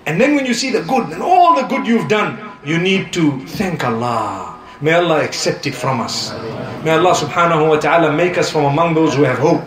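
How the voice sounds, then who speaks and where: A man's voice: fairly high pitch, animated, brisk, crowd noise. A man preaching a sermon to an audience, speaking conversationally with humor and rhetorical questions. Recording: echoey hall.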